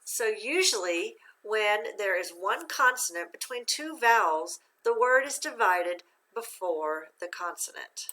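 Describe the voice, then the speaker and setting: A woman teacher giving a phonics lesson, patiently asking questions and pausing for answers. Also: mid-range voice, lively intonation, pushed and bright, rough recording. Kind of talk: phonics lesson for young learners.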